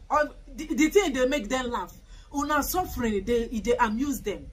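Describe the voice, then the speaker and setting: A woman's voice: on the high side, slightly rough, rough recording. A woman delivering a fiery, scornful political rant, repeating her points for emphasis. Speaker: political commentator. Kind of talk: impassioned political vlog rant.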